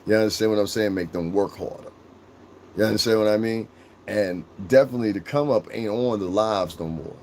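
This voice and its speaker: Young male streamer, Connecticut shoreline accent, lowish voice, casual profane rambling, faint ambient hum. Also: a little mellow. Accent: Connecticut shoreline, New England and New York mix. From Connecticut, USA. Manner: rambling, profane, laughs often, reads and answers chat. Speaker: livestream host. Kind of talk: casual livestream chat.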